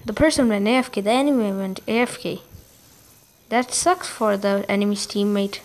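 A woman giving casual gameplay commentary, reacting excitably with quick exclamations. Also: medium pitch.

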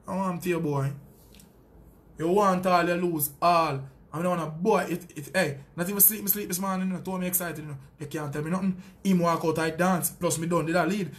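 High-pitched Jamaican man ranting. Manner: boastful, taunting, profane. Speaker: sound system selector. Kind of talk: heated callout rant.

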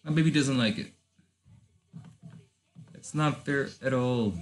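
A man from Lisbon, a native Portuguese speaker, giving casual let's-play commentary in English, thinking aloud with rambling asides and bursts of excitement. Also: mid-range voice, takes it slowly, faint music behind. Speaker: gaming channel host.

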